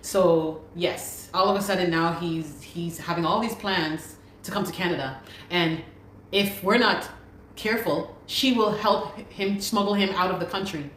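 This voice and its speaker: A woman's voice: lowish voice, unhurried, fairly bright tone. A woman giving an earnest, urgent personal account and often repeating her pleas. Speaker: guest telling her story. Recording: roomy recording with faint background noise.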